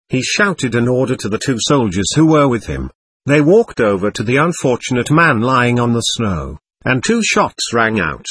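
A man giving measured, vivid first-person narration of an audiobook. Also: mid-range voice, sing-song, a bit bright, husky, dry recording.

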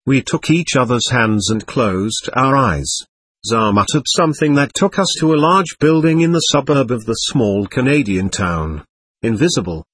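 A man narrating a first-person storybook with a husky, breathy voice. His pitch rises and falls lively through the lines, and the sound is close and dry. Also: no echo. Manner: steady, expressive reading.

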